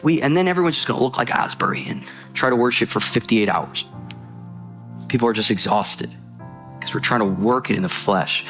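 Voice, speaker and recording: A man preaching a sermon with passion, swinging between loud urgency and low intensity and rushing in bursts with repeated restarts.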